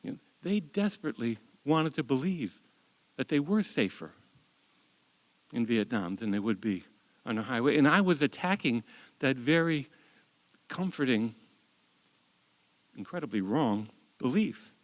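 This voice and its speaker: A man in his seventies from the United States telling a true story on stage at a live story slam, wry and animated, often repeating words as he goes. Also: mid-range voice, unhurried, pauses often, in a large hall, rough recording. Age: 70s.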